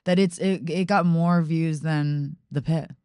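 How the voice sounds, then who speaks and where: A woman's voice: low-pitched, fairly even intonation, a little slow, dark tone, smooth, no echo, studio quality. A woman hosting a podcast, chatting casually and upbeat with her guests. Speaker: podcast host. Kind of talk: casual chat.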